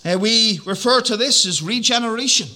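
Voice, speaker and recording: High, bright-voiced man preaching in a reverberant hall. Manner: measured, emphatic repetitions, drawn-out key words. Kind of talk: evening sermon. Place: church.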